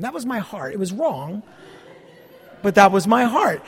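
A pastor preaching a sermon, telling stories about himself with self-deprecating humor. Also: male voice, high-pitched, big pitch swings, normal speed, a bit bright, slightly rough, long reverb tail.

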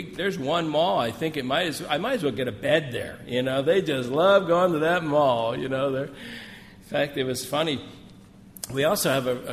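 A man speaking as a missionary at a gathering, telling folksy, joking stories full of asides. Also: medium pitch. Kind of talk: sermon with personal stories. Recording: long hall reverb, faint room noise.

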